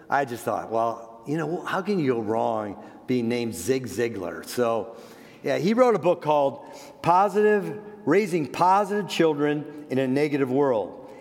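An older man, a grandparent, giving an earnest sermon on parenting, repeating words and slowing down for emphasis. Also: on the high side, darkish tone. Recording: long echoey hall reverb.

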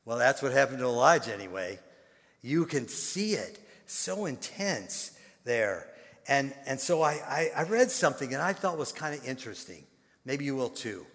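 An older man preaching a sermon in an animated storytelling manner, repeating words and breaking into sudden loud bursts. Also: medium pitch, normal speed, in a large hall. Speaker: pastor.

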